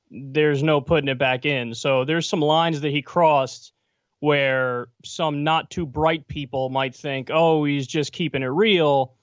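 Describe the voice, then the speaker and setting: A man's voice: fairly high pitch, clear, resonant tone, dry recording, highs cut off. A man giving blunt, sardonic political commentary on election night, joining the show remotely. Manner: blunt, sardonic, quotes politicians in mock voices.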